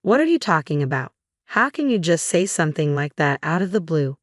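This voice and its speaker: A smug, sexist husband talks down to everyone in a dismissive, condescending voice, read by a woman. The voice sits low, and the recording is dry and close with no room around it. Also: big pitch swings, fairly quick, no room sound. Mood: flustered. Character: arrogant sexist middle-aged office husband.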